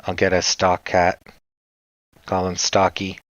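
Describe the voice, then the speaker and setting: A Canadian-accented livestream host speaks at a slow pace in a low, slightly bright voice with a completely flat delivery. The dull lo-fi recording has no echo, and he rambles casually, joking and laughing often.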